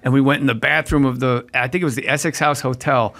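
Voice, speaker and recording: A man, a guest on a casual podcast, telling stories with animated quoted voices and quick asides, laughing as he talks. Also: medium pitch. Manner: animated storyteller acting out quotes. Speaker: guest actor.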